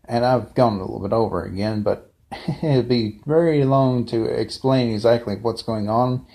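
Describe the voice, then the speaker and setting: A man's voice: medium pitch, moderate pace, vocal fry, dark tone. A man giving a casual, unscripted fan review, rambling off the cuff with frequent asides and restarts.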